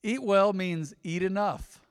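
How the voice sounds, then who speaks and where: Casual preaching man, slightly high voice. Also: takes it slowly, clear, resonant tone, big-room sound. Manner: conversational preaching with rhetorical questions and asides. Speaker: pastor. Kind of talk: sermon. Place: church sanctuary.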